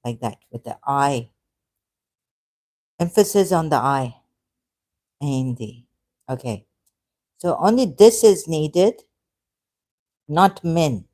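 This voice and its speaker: Slow, halting woman thinking aloud. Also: deep voice, lively intonation, mellow, no echo. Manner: halting, self-correcting, hesitant. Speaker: live streamer. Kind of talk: thinking-aloud live stream monologue.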